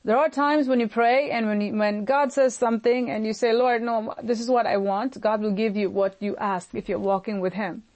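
A woman pastor preaching a sermon in an earnest, emphatic manner, often speeding up and slowing down. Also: medium pitch, fairly even intonation, a little mellow.

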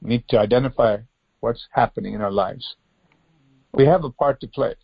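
A man's voice: mid-range voice, normal speed, creaky, breathy edge, no room sound, dull audio. A man preaching a devotional sermon, earnest and pleading, full of rhetorical questions.

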